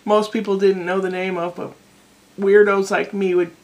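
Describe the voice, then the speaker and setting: A woman's voice: medium pitch, flat delivery, moderate pace, darkish tone. Middle-aged American woman, home vlogger, digressive and self-deprecating, recorded on a camera mic. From United States. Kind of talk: casual rambling vlog monologue. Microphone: camera microphone.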